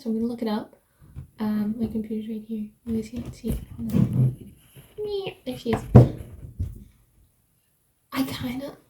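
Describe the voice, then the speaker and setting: A young American woman chatting casually to her vlog viewers from a rented flat, rambling and laughing often. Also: on the high side, creaky. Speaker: vlogger. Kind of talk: casual vlog chat to camera.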